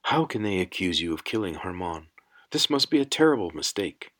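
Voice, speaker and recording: A man's voice: deep voice, very animated, a little fast, a bit bright. A man reading an audiobook, voicing a young woman who is anxious and caring toward her brother. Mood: worried. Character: young woman, tender worried sister.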